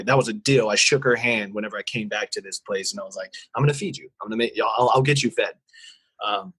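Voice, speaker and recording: A man's voice: mid-range voice, husky, no room sound, rough recording. A man in his thirties co-hosting a casual podcast, telling work stories with lots of acted-out voices. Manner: animated storyteller, acts out voices of staff and callers. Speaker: podcast co-host, restaurant manager. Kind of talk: casual chat.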